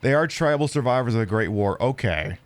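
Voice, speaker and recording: American male streamer, casual and rambling, mid-pitched, light music underneath. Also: lively intonation, fairly quick, no echo. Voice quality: rambling, stammering restarts. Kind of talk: casual chat while gaming.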